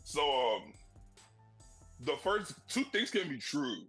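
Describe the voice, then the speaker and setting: Husky bright-voiced man, laid-back. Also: on the high side, sing-song, slow pace, faint music behind, low-quality recording. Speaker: podcast co-host. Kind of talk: casual chat.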